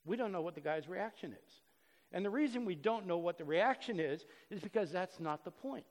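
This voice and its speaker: A man preaching a sermon earnestly, swinging between loud emphasis and soft, low passages. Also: animated, a little fast. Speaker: pastor. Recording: long reverb of a hall.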